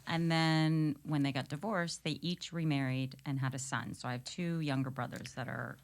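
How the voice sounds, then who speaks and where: A woman's voice: deep voice, fairly even intonation, moderate pace. A woman from New York, the show's sidekick, chatting easily and laughing often. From New York, United States. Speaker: podcast sidekick. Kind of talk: casual chat.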